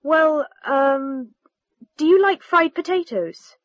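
A patient male family doctor gives calm advice, read by a woman in a fairly high voice. The textbook dialogue is read dry and close. It sits on a dull lo-fi recording. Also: slow pace, dry recording. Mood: advising.

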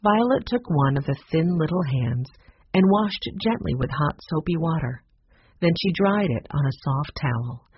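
Measured audiobook narrator, lively intonation. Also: mid-range voice, muffled recording, slight background noise. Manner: plain, measured storytelling.

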